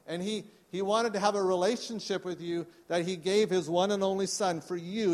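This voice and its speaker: A man preaching a sermon to his congregation, earnest and inviting them to respond. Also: high-pitched. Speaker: pastor. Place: church service. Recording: long reverb of a church hall.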